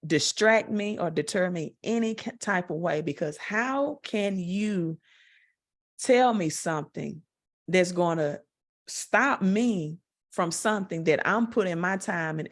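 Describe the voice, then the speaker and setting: A woman with a Southern US accent answering interview questions in a direct, confident way, talking slowly with many fillers. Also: lowish voice. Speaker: guest, network marketer.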